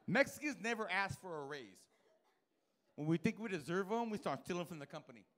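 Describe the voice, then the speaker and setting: A male stand-up comedian doing a live club set, profane and animated, acting out characters and bursting into loud shouts. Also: high voice, brisk, slight background noise. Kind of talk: live stand-up with crowd work.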